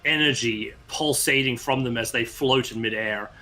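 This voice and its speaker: A man's voice: medium pitch, normal speed, sharp tone. A man narrating scenes and calling for rolls as game master, encouraging the players. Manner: descriptive, encouraging, with fillers.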